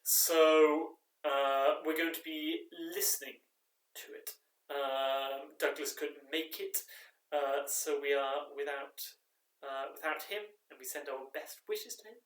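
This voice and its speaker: A man's voice: on the high side, fairly even intonation, slow pace, a bit bright. A man leading an online choir rehearsal from his living room, chanting rhythm syllables, counting in and encouraging the singers. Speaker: choir director.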